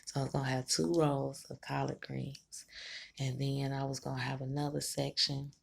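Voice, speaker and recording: Woman, vlogger, low-pitched, husky, frank, chatty, swears freely. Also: level tone, moderate pace. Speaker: tarot-reading vlogger. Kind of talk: candid personal talk to camera.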